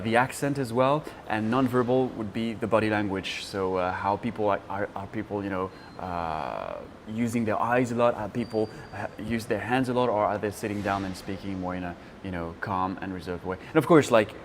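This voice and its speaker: A young man from France with a French accent, answering interview questions in a halting way, full of fillers and restarts. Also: lowish voice, slight background noise. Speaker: interview guest.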